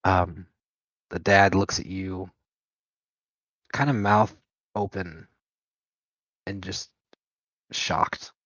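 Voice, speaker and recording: A man's voice: deep voice, steady tone, extremely slow, pauses often, a bit bright, dry recording. A man narrating as game master, describing scenes at an easy pace with some hesitation. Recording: dull lo-fi dry sound.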